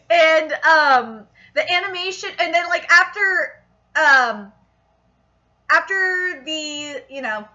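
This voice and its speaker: Excitable, swearing young woman reviewer. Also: high voice, muffled recording. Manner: excitable, swears often, exasperated rants. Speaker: anime reviewer. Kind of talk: casual vlog review.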